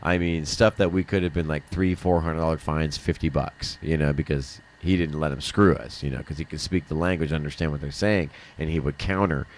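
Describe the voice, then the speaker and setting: A middle-aged man with a very deep, steady voice hosts a livestream from a studio, talking fairly quickly with few pauses. He chats casually, laughs often and swears now and then.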